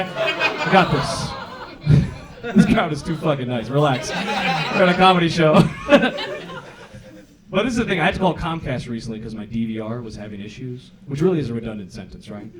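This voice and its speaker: A man in his thirties performing a stand-up set on a comedy club stage, with an animated, self-deprecating, punchy delivery into a handheld mic. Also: medium pitch. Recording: live club recording with crowd laughter. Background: audience laughter.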